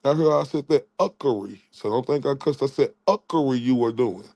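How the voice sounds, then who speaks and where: A man's voice: medium pitch, brisk, vocal fry, a little mellow, dry recording. Taunting man ranting into a dry mic. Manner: taunting, mocking, stammering repeats. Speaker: channel host. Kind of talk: trash-talking livestream rant.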